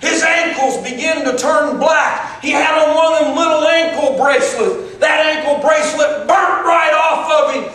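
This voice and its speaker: A man preaching a dramatic storytelling sermon, swinging from shouted peaks down to hushed, breathy near-whispers. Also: very high-pitched, normal speed, few pauses, far from the mic. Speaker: pastor. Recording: very echoey room, picked up from afar.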